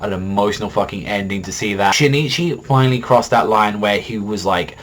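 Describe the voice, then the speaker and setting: A man's voice: on the low side, brisk, fairly bright tone, slight background noise. A young man reviewing an anime episode in a casual, rambling way, swearing often and filling gaps with "like" and "you know". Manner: rambling, heavy swearing and filler words.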